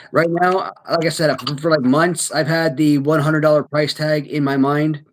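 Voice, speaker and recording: Guy thinking out loud in casual chat, lots of um and you know, bit high pitched. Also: slight background noise, poor audio. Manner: thinking aloud, hesitant, many fillers.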